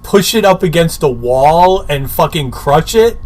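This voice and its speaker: High-voiced man chiming in slowly. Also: lively intonation, a little mellow. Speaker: podcast co-host. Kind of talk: casual chat.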